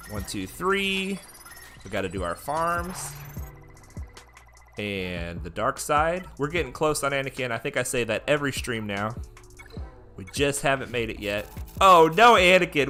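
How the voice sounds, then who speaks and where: Playing a mobile game live, a mid-range-voiced man gives excited commentary and talks with his viewers as he goes.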